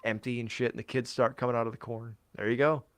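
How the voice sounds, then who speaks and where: A man's voice: mid-range voice, flat delivery, quick pace. A man chatting casually on a podcast, rambling through his thoughts with plenty of swearing and filler words. His voice sounds worn from a long day of talking. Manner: rambling, profane, lots of fillers. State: voice tired from talking all day. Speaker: podcast co-host.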